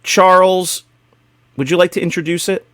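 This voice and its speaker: A man with a fairly high voice hosts a casual podcast chat, upbeat and joking as he runs the show. The sound is dry and close, with no room around it. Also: fairly even intonation, normal speed, a bit bright, dry recording. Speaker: podcast host.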